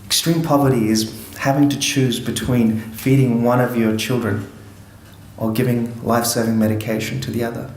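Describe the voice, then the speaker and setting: A man's voice: mid-range voice, flat delivery, normal speed. Guy telling his story, earnest n reflective, bit of humor, echoey room w faint background hum. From Afghanistan. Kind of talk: storytelling talk to an audience.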